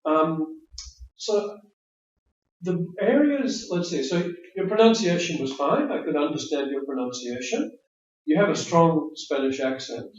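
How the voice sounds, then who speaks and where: English examiner in a roomy classroom. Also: male voice, a little high, lively intonation, unhurried. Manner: friendly, chatty, explanatory, repeats words. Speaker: IELTS speaking examiner giving feedback. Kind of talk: spoken feedback after mock test. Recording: roomy, distant, dull classroom audio.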